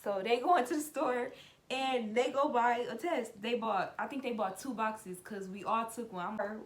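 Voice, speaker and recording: A woman's voice: fairly high pitch, moderate pace. Chatty young woman telling a story. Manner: chatty, loose and conversational, full of "like" and "y'all". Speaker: vlogger. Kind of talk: casual story time.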